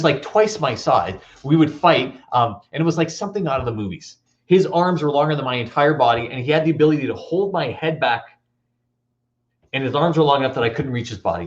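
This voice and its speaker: A man giving a motivational talk, telling comic stories in an animated, playful way. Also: mid-range voice, muffled recording. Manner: animated storytelling, playful and teasing. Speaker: motivational speaker.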